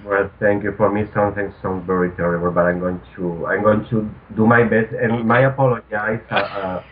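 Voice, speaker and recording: A low-voiced man from Spain speaks with a clear Spanish accent, and his words come out hesitant and apologetic. He often restarts and fills pauses with ums. The sound is thin and phone-like, with a faint hiss behind him. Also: fairly even intonation. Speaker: guest artist. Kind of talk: casual interview. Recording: tinny phone-like line, faint noise.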